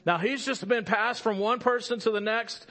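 Man preaching an animated sermon. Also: high-pitched, moderate pace.

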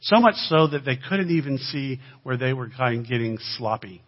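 Man preaching, husky and conversational. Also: mid-range voice, animated, normal speed, dull audio. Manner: conversational preaching with dry humor and frequent "okay?" asides. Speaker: guest speaker. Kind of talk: sermon.

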